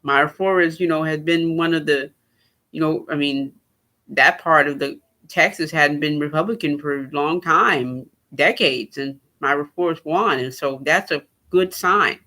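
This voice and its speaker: A man's voice: on the high side, unhurried, bright, forceful tone. A man hosting a solo political podcast, talking in a rambling, sarcastic way and laughing at his own points. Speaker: podcast host.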